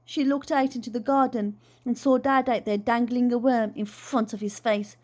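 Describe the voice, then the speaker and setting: A woman reading a children's book aloud in an expressive, lively way. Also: a little high, normal speed. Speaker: storyteller.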